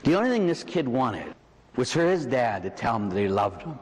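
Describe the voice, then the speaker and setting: Pittsburgh priest, conversational preacher, lively sweeping pitch, long church reverb. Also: male voice. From Pittsburgh, USA. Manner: slows and drops low for emphasis, then rises; conversational, tags "huh?" and "right?". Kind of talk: evening sermon with personal stories.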